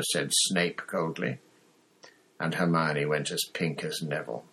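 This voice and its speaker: Man, audiobook narration, husky voice, measured. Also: extremely low pitch, fairly even intonation, bright, forceful tone. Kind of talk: audiobook reading.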